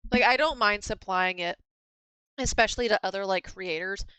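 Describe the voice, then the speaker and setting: Brief: woman streamer, bright and crisp, blunt and laughing, dry close sound. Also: mid-range voice, moderate pace, no echo, poor audio. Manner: blunt, laughs often, swears casually. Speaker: streamer and craft vendor. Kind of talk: casual live-stream chat.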